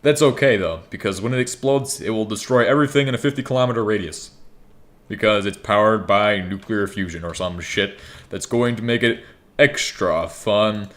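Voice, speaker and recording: A man's voice: lowish voice, normal speed, fairly bright tone. A young man giving rambling, joking gameplay commentary, swearing freely. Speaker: gaming YouTuber.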